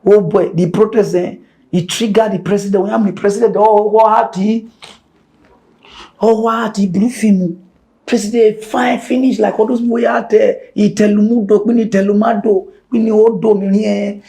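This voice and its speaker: A man with a Nigerian Pidgin English accent hosting a comic mock news show, animated and jokey, dropping to whispers and rising to shouts. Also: high voice, normal speed, creaky.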